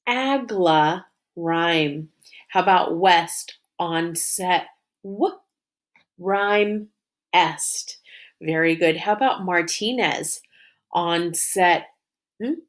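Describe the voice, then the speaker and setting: A woman leads a phonics lesson for young readers and draws out each word and sound so the children can follow along. Her voice sits low for a woman, and she moves at an unhurried, deliberate pace. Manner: slow, encouraging, drawn-out modeling of sounds and syllables. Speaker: teacher.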